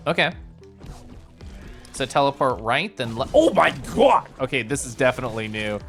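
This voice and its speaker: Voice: mid-range voice, big pitch swings, moderate pace, fairly bright tone, faint music behind. A streamer giving chatty, playful live commentary while playing a game and joking with chat.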